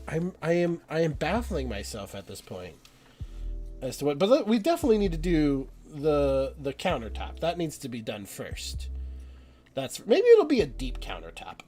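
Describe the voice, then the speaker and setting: A man's voice: mid-range voice, a little mellow. A young man hosting a live painting stream, rambling and self-doubting as he chats with viewers. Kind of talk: casual live-stream chat while painting.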